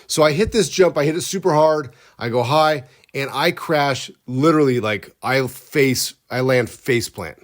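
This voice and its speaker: A man's voice: medium pitch, measured pace, few pauses. A man co-hosting a podcast who tells a story in a casual, comic, rambling way and often cuts himself off mid-sentence. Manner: rambling, self-interrupting, comic. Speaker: podcast co-host.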